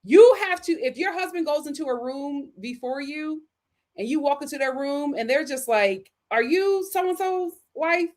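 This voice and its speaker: A woman's voice: high voice, moderate pace, darkish tone. A woman hosts a livestream chat. She talks with sass and emphasis and often repeats her punchlines for effect. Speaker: host.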